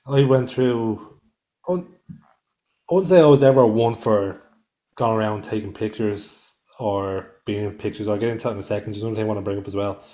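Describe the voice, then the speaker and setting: A man's voice: lowish voice, brisk, warm tone. A man with an Irish accent, co-hosting a podcast in casual chat, blunt and swearing often. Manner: blunt, swears often, loses his thread. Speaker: podcast co-host.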